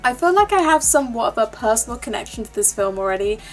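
A woman's voice: fairly high pitch, sing-song, fast talker, soft background music, rough recording. A woman, hosting a movie reaction in a chatty, emotional way, often near tears. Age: 20s. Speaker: YouTube reaction host. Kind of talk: casual chat and movie reaction.

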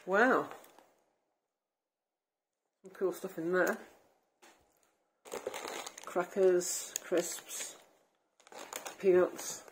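A woman's voice: on the low side, fairly even intonation, drawn-out words, pauses often, slight background noise, poor audio. A middle-aged woman chatting cheerfully in a family vlog, presenting gifts with frequent giggles. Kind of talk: casual family vlog chat.

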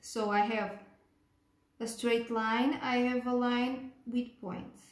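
A woman teaching a cake decorating tutorial step by step, gentle and unhurried, pausing with fillers and checking in with "okay?". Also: fairly high pitch, steady tone. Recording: echoey room.

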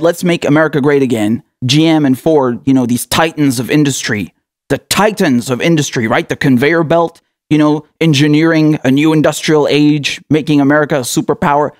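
Male commentator, slightly high voice, mocking and sarcastic, close dry sound. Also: no echo. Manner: mocking, taunting, laughs often, rhetorical questions. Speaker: political commentator.

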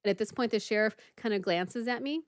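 Lively woman podcaster telling a story. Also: fairly high pitch, fairly quick, smooth, no room sound, clean studio sound. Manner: lively storyteller, many "like" fillers, acts out the people in the story. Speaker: podcast co-host. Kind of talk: casual chat, telling a story.

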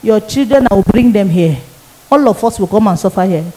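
A woman's voice: mid-range voice, expressive, fairly quick, dark tone, lightly acted, rough recording. A woman preacher quoting Satan as a boastful, cruel male figure in her testimony. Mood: gloating.

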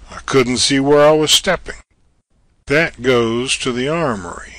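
An actor playing a bold, level-headed man exploring an old castle, giving brisk commands. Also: medium pitch, a bit bright, no echo, natural voice. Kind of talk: audio drama acting.

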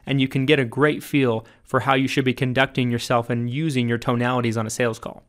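A man narrating his own sales training audiobook, coaching emphatically and jumping up in pitch on key points. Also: brisk, hardly any pauses.

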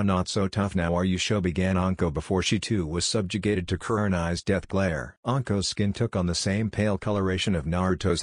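A man with a very deep voice reads fan fiction aloud in a steady, even way. The sound is dry and close, with no room around it. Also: husky, dry recording. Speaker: narrator. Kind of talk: scripted fan fiction narration.

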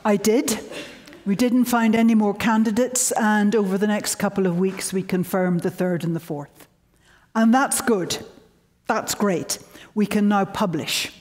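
A woman's voice: medium pitch, measured pace. A woman in her seventies giving a public lecture, telling wry stories of her early career. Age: 70s. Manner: wry, storytelling, animated quotes. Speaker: guest lecturer.

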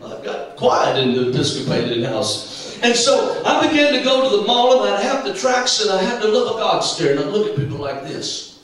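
High-voiced man preaching in an echoey church. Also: moderate pace, recorded from a distance. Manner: animated storytelling with acted voices. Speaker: evangelist. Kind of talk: humorous preaching testimony. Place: church sanctuary.

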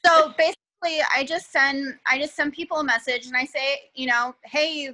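A woman's voice: high-pitched, a little fast, bright, forceful tone, dry recording, rough recording. A young woman sharing tips in a casual chat, bubbly and full of fillers. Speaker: guest team member sharing tips.

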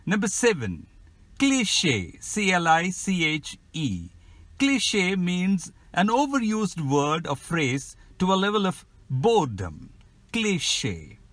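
A man's voice: high-pitched, sing-song, a bit bright, no room sound. A man with an Indian English accent teaching English pronunciation in a scripted podcast lesson, spelling words letter by letter. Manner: slow, careful, spells words out.

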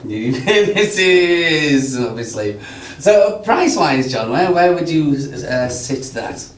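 A man's voice: a little high, very animated, slow pace. A man co-hosting a wine tasting, chatty and teasing, often repeating words as he thinks. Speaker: wine show co-host. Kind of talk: casual wine tasting chat. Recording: roomy sound, mic at a distance.

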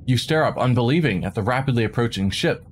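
A man streaming a game, reading a visual novel aloud with dramatic narration and quick asides of his own. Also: medium pitch, expressive, slight background noise. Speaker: let's play streamer.

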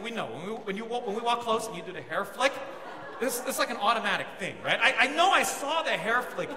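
A young man, a pastor, telling a self-mocking comic story during a sermon in a large church hall. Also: high-pitched. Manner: animated, self-mocking storytelling with quoted asides. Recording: echoey hall, audience noise.

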